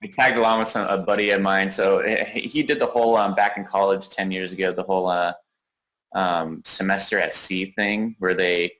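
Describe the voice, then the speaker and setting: A man in his thirties with a low but bright, forceful voice tells a coach about his progress. He rambles, restarts his sentences and fills the gaps with ums and likes. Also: steady tone, normal speed, poor audio. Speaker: coaching client. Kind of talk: casual interview.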